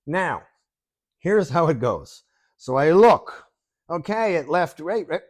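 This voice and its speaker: A man co-hosting a podcast, telling a story in a casual, animated way, laughing often and swearing freely. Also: on the high side, slow pace. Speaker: podcast co-host.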